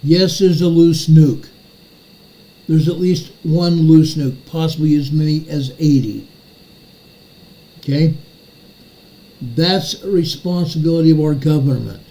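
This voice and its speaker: A man's voice: on the high side, unhurried, pauses often, dark tone, poor audio. An older man hosting a commentary show, ranting furiously and repeating his phrases for emphasis. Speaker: show host.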